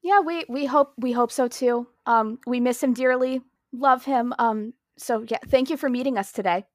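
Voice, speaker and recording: A playful woman at a tabletop game, giggly and casual. Her voice sits a bit high, recorded close and dry. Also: normal speed, no room sound. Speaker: player.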